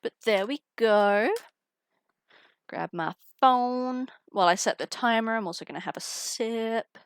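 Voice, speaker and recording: Slow-talking chatty young woman streamer. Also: on the high side, smooth, dry recording. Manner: chatty, giggly, talks to chat while unboxing. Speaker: streamer opening trading cards. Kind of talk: casual live-stream chat. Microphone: headphones with mic.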